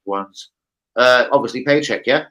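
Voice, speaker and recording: Bright-voiced man hosting a football stream. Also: medium pitch, moderate pace, low-quality recording. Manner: chatty, slangy, addresses co-host repeatedly. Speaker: livestream football show host. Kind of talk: casual live-stream chat.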